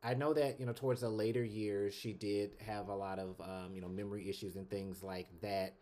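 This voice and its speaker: A man hosting a podcast interview, asking questions as an eager fan, his voice trailing off softly at phrase ends. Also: on the low side, little pitch movement, fairly quick. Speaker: podcast host. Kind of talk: casual interview talk.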